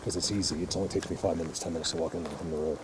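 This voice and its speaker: A man's voice: extremely low pitch, steady tone, very fast. Insistent man filming outdoors in a forest. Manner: insistent, emphatic, talks straight to viewers. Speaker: vlogger, Bigfoot field researcher. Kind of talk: walk-and-talk field vlog. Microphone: camera mic while filming. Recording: outdoor ambience, noisy, faint vehicle.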